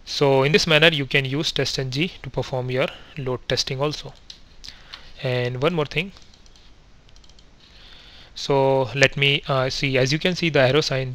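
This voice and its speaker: A man with a bright, forceful voice talks through a coding tutorial step by step. He is methodical and pauses on fillers, often correcting himself as he goes. His pitch sits in a middle register. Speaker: software testing instructor. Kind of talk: screen-recorded coding tutorial.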